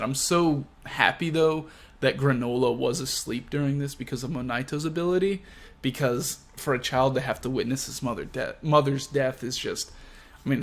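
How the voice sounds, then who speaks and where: A man hosting a video discussion of a comic chapter, talking casually with many asides and fillers. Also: medium pitch. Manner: chatty, fillers like "you know". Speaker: video host. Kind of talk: casual chat about comics.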